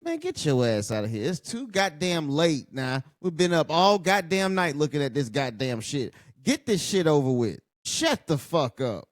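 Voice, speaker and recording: A man's voice: a little high, very animated, moderate pace, hardly any pauses, no room sound, clean studio sound. A man reviewing a wrestling show late at night, tired, blunt and profane in his mocking running commentary. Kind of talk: casual ranting commentary over a live show.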